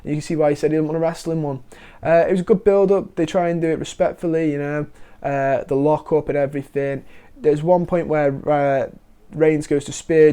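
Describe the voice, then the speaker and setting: Male host, mellow timbre, casual chatty review delivery. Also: fairly high pitch, clean tone. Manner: animated, quoting wrestlers in quick asides. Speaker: wrestling podcast host.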